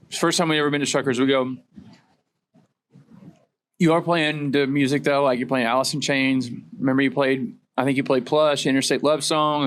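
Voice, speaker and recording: Animated male podcast host telling stories. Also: mid-range voice. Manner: animated storyteller who acts out quoted voices. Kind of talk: casual storytelling chat.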